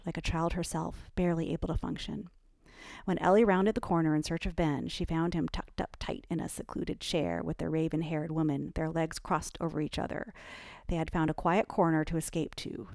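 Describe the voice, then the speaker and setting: A woman with a low, gravelly voice reading a novel aloud in even, measured narration. The recording is close and dry. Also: no echo. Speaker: audiobook narrator. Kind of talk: scripted narration.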